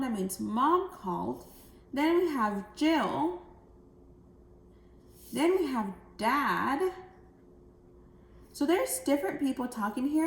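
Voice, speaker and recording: A woman second grade teacher giving a recorded phonics lesson, explaining step by step in a clear way to young children. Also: fairly high pitch. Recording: echoey room, faint background noise.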